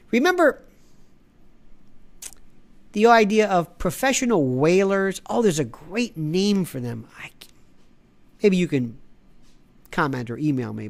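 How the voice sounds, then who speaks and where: A middle-aged woman hosting an opinionated monologue, sarcastic and animated, mocking others with put-on indignant voices. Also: medium pitch. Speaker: podcast host.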